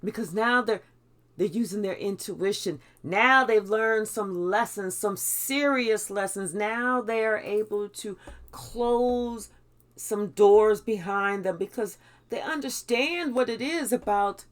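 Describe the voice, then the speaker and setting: A woman's voice: medium pitch, slow pace. A woman giving a spiritual tarot reading in a blunt way, swearing freely. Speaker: tarot reader.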